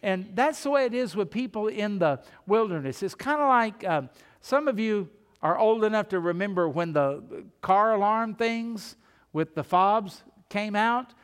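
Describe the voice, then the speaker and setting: A man's voice: high voice, animated, a little slow, clean tone, long reverb tail. A man preaching a sermon as pastor, telling stories in a folksy, conversational way. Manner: folksy storytelling with asides.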